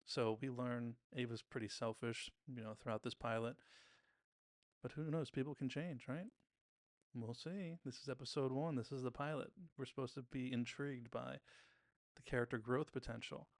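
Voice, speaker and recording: A man's voice: medium pitch, steady tone, moderate pace, no echo, clean studio sound. A man hosting a podcast, casually recapping a TV episode scene by scene, briefly mimicking the characters' lines.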